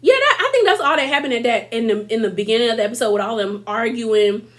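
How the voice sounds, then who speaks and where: Woman in her twenties, slightly high voice, casual slangy recap, talks to viewers, mimics cast lines. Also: lively intonation, fast, fairly bright tone. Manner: acts out cast members' lines in mocking voices. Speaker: reality TV recap YouTuber. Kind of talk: casual episode recap commentary.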